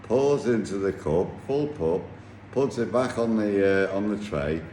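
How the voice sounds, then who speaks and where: Man, very low voice, halting anecdote, roomy echo, faint hiss. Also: dark tone. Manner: rambling, halting storyteller with many restarts. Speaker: yacht captain telling a story. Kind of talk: casual anecdote. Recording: echoey room with faint noise.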